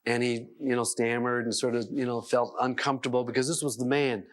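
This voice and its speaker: A man telling stories in a self-help talk, animated and chuckling as he voices the people in them. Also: medium pitch, fairly quick. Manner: chuckles between sentences. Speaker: seminar speaker.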